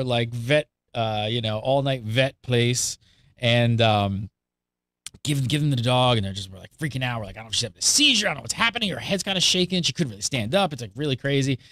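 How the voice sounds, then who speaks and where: A man hosting a casual podcast chat, telling an animated story and acting out the quotes of the people in it. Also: mid-range voice, brisk, no room sound, clean studio sound. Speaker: show host.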